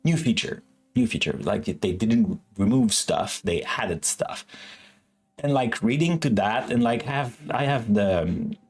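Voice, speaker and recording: Slow, rambling male stream host. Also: lowish voice, animated, breathy edge. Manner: rambling, self-correcting, chatty with viewers. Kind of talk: casual live-stream chat.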